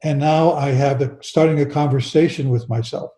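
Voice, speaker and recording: An older man slowly and earnestly telling a personal story as an interview guest, often restarting his sentences. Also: medium pitch, steady tone, dark tone, roomy sound, poor audio.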